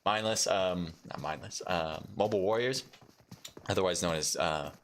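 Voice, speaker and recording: Chatty low-voiced male esports caster. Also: normal speed, slight background noise. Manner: rambling, chatty, many fillers, bursts of excitement. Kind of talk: solo live game commentary.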